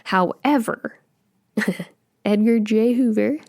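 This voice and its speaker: A woman's voice: fairly high pitch, takes it slowly, darkish tone. A woman with a Canadian accent, co-hosting a podcast and chatting casually as she retells a strange mystery, laughing often. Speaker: podcast co-host.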